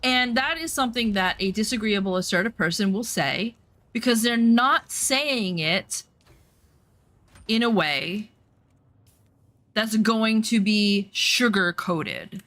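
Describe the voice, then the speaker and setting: A woman's voice: mid-range voice, takes it slowly, dry recording. A woman streamer chats casually over her gameplay. She is blunt and swears freely, and she acts out the voices of the people in her story. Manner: animated storytelling, acts out quotes.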